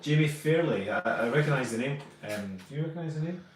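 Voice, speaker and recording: A man's voice: fairly high pitch, lively intonation, quick pace, heavy reverb, far from the mic, a little hiss or hum. A Scottish man co-hosting a casual live stream, chatting and greeting viewers by name as he reads their comments. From Scotland.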